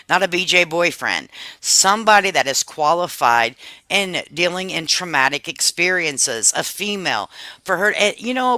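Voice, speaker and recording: A woman's voice: on the low side, pushed and bright, dry recording. A middle-aged woman hosting a live stream, chatting casually with viewers, laughing often and swearing freely. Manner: frank and talkative.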